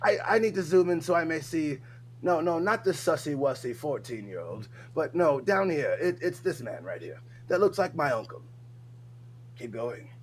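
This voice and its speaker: A pompous, stuffy gentleman holds forth in overly formal, mock-posh phrasing, as a man puts him on for laughs. His pitch climbs a little high and swings widely from word to word, and the manner stays haughty and faintly absurd throughout. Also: wildly swooping pitch, fast, slight background noise, heavily acted. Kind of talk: comedic bit on a livestream.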